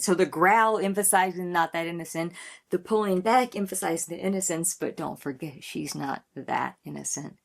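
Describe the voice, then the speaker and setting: A woman's voice: on the low side, normal speed, gravelly. A woman in her thirties hosting a music reaction video, chatting casually and effusively with lots of "like" fillers. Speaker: reaction channel host.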